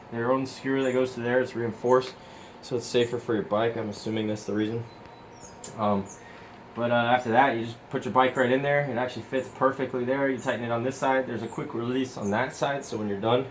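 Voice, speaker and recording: A man's voice: mid-range voice, fairly even intonation, brisk, a little hiss or hum. A man, out of breath, casually showing his home cycling trainer setup in a rambling, easygoing way with lots of ums. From Florida, US. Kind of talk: casual product demo. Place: home room with carpet, overhead fan. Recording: echoey room, voice from off-mic.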